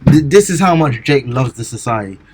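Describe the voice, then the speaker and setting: A man preaching in casual, everyday speech, breaking into slow, measured scripture reading. He stumbles and repeats words as he goes, with a voice at an ordinary middle pitch for a man. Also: lively intonation. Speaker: street preacher.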